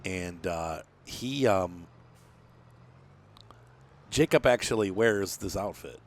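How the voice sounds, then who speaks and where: A man with a fairly low voice talks through his farming game session, thinking aloud as he goes. He rambles, restarts his sentences and fills pauses with ums and uhs. He sounds tired, as if fighting off yawns. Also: expressive. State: tired, yawning. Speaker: gameplay commentator. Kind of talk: casual let's-play commentary.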